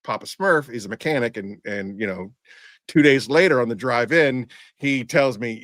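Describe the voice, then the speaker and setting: Male podcast host, mid pitch, stubborn rambling storyteller, dry close mic. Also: normal speed, a bit bright, no echo. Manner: rambling, stubborn ranting with many restarts. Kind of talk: casual storytelling.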